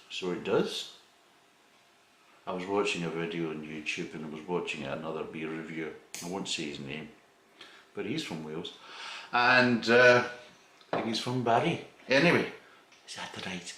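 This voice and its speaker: A man's voice: low voice, bright, forceful tone, slight background noise. A man chatting through a casual beer tasting review, rambling and swearing freely. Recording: echoey room.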